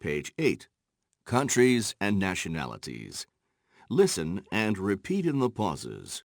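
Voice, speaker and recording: Male textbook narrator, lowish gravelly voice, slow and measured, very lively intonation, dry studio sound. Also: no echo. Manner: measured, announcing page and exercise numbers. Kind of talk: scripted instructional narration.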